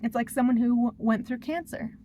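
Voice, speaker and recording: A woman's voice: on the high side, brisk, warm tone, slight background noise. A woman talking through her personal struggles in a confessional vlog, rambling and emotional as she vents. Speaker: vlogger.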